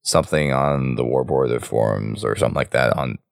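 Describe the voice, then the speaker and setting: Deep rumbling, gravelly and hoarse, this man hosts a casual podcast, talking his listeners through plans at an easy ramble. His voice sits at the very bottom of the range with lots of fry. It's recorded dry and close on a podcast mic. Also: normal speed, dry recording. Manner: talkative, rambling sign-off. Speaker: podcast host.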